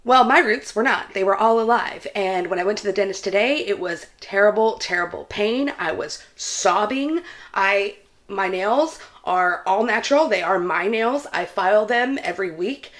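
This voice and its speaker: A woman's voice: mid-range voice, moderate pace. Chatty woman telling a story. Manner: chatty, animated storyteller who laughs between phrases. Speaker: book vlogger. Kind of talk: casual vlog chat.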